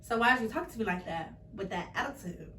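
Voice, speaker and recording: A nineteen-year-old woman telling a story to her family in a casual chat, lively and quick to laugh, acting out what each person said. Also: mid-range voice. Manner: animated, acts out quoted voices, laughs often. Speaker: podcast guest. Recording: echoey room, mic at a distance, faint noise.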